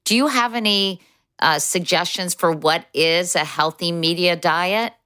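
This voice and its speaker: A woman with a notably deep voice hosts the conversation. She talks in a chatty way and puts questions, some from listeners, to her guest. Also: a little slow, sharp tone, clean tone. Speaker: interviewer host. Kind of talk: interview conversation.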